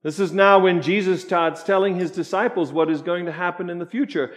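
A man preaching a sermon, slow and emphatic, asking the congregation questions as he goes. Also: high-pitched. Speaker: pastor.

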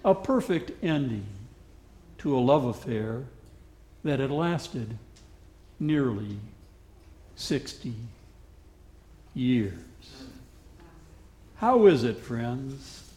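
A male pastor telling a story in a sermon, animated and dramatic. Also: medium pitch, slow, pauses often, echoey room.

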